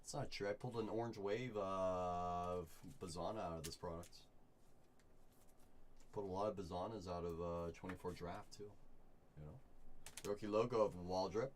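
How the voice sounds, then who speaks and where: A man hosting a live card break, chatting with viewers and calling out each pull with bursts of excitement. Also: sits low, moderate pace, a little hiss or hum. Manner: upbeat, chatty, reads chat and calls out pulls with bursts of excitement.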